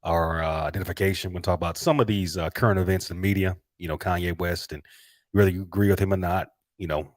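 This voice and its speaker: A man's voice: sits low, fairly even intonation, fast talker, dry recording, studio quality. A man hosting a casual talk show, rambling with lots of filler words. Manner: rambling, many fillers, calls audience y'all. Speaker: host. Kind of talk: casual chat.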